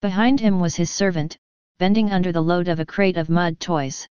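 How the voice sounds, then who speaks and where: A woman reading an audiobook in steady, measured scripted narration. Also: lowish voice, smooth, no echo. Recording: dull, dry, lo-fi audio.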